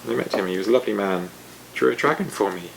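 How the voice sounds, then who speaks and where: A man hosting a storytime, reading picture books to children in a gentle, chatty and expressive way. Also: fairly low pitch, quick pace, gravelly, background noise.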